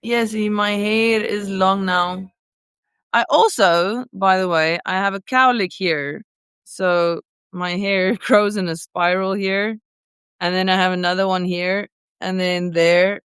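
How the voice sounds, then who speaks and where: A woman's voice: medium pitch, fairly even intonation, takes it slowly, a bit bright, smooth, no echo. A woman vlogger in casual, rambling chat, answering viewer comments in a playful way.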